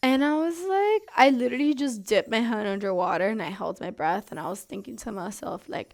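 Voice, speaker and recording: A young adult woman vlogger telling a story in a casual, animated, exasperated way. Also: mid-range voice, a little fast, vocal fry, few pauses.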